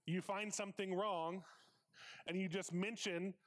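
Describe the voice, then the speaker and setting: Higher-voiced man preaching conversationally. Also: steady tone, a little slow. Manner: asks the congregation rhetorical questions; emphatic, repeats phrases for stress. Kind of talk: conversational sermon.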